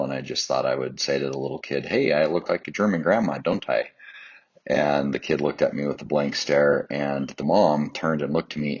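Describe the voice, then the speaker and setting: A man with a very deep, husky voice tells an anecdote in a wry, amused voice-over. The recording sounds dull and lo-fi. He narrates with easy storytelling timing. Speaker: runner narrating his race.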